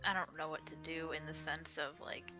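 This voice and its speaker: Woman playing d&d, hesitant and soft, low voice, music behind. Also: level tone, moderate pace. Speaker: player.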